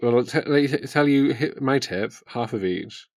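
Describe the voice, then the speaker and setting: A man with an English accent co-hosting a casual chat, laughing often and dropping wry, deadpan quips. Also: medium pitch, normal speed, dry recording, clean studio sound. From England. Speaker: podcast co-host.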